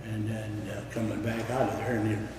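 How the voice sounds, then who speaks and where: A man's voice: fairly low pitch, level tone, normal speed, a little mellow, very echoey, big-room sound, distant mic, low-quality recording. An older man telling his own work stories in an oral history interview, blunt and salty, with plenty of cursing. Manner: salty storytelling with swearing. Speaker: retired railroad worker.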